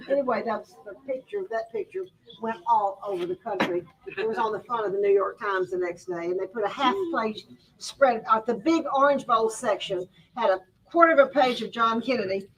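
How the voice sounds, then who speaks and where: A woman, telling a personal story to a crowd in a lively way, laughing often and acting out what people said. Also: fairly high pitch, normal speed, distant mic, noisy background. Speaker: guest speaker. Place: boutique store event.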